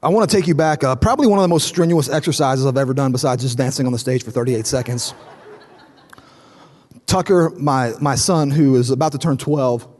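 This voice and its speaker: A male pastor in his thirties preaches a sermon in a large church auditorium, building to fervent repetition and telling stories by acting out the dialogue in different voices. His mid-range voice is brisk and darkish, and the recording carries the long reverb of a big hall.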